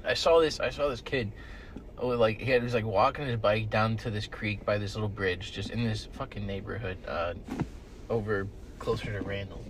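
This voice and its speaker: A young man co-hosting a casual podcast, rambling through stories, swearing often and shouting the lines he quotes. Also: on the low side, steady tone, a little fast, slight background noise. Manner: rambling storyteller, swears a lot, loud bursts when quoting. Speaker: podcast co-host. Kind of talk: casual chat. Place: in a car with friends.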